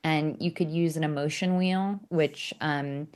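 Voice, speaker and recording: A woman, an author and coach, telling candid stories as a podcast guest, animated and self-mocking, with sarcastic asides. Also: sits low, a little slow, clear, resonant tone. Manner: acts out quoted dialogue in character voices. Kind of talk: candid conversational storytelling.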